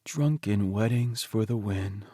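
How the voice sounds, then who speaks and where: A man's voice: fairly low pitch, slow pace, dark tone, dry recording, clean studio sound. A male audiobook narrator voicing a sweet, emotional young man. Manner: sweet, tearful, giddy.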